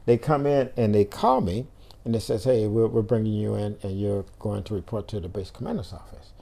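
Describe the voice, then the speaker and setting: A man's voice: lowish voice, brisk, vocal fry. An older man, a podcast guest, telling a story casually and acting out the dialogue. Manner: animated storyteller who acts out quoted dialogue.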